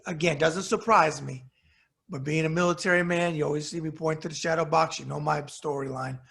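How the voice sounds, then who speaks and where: Gravelly, husky man ranting hotly. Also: a little high, steady tone, brisk, fairly bright tone. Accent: New York. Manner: heated, cursing, blunt. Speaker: commentary show host. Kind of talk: angry profane rant to camera.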